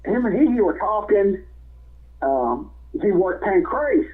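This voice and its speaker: A man's voice: high-pitched, sing-song, slow. A man, a former wrestler and guest, telling rambling stories and laughing often, over a phone line. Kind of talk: casual storytelling.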